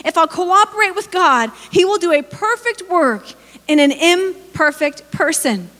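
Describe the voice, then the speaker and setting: A woman in her forties preaches a sermon in a very high, slightly bright voice, with lively intonation and a measured pace. She shares personal stories with humor and speaks directly to the congregation. The recording carries a long hall reverb.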